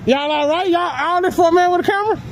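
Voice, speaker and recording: A man's voice: very high voice, fast, a little hiss or hum, low-quality recording. A man filming police from a public sidewalk, talking in a brash, taunting, swearing way and laughing often. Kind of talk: casual street talk.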